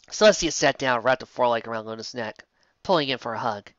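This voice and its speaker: A woman reading fan fiction aloud in a lively storybook narration with casual asides. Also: a bass voice, fast talker, no room sound. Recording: dull lo-fi dry home recording.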